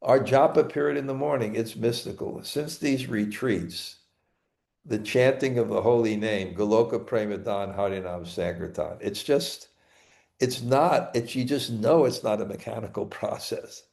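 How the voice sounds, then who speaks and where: A man's voice: lowish voice, creaky, darkish tone. A man with a Brooklyn accent giving a scripture class, stopping and restarting often. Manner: halting, repeats words and restarts often. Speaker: spiritual teacher.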